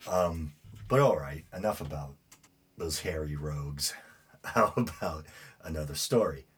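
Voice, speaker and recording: A man's voice: extremely low pitch, animated, measured pace, slightly rough. A man with a New England accent hosting a show, reading news stories aloud with many fillers and rambling, indignant asides. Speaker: podcast host. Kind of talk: casual commentary reading news.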